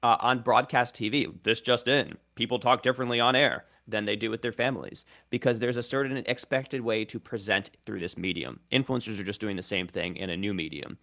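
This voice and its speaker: A man's voice: fairly low pitch, a little fast, gravelly, hardly any pauses, bright, forceful tone. A young man, a linguist and content creator, explaining thoughtfully and fluently as a guest in a radio interview.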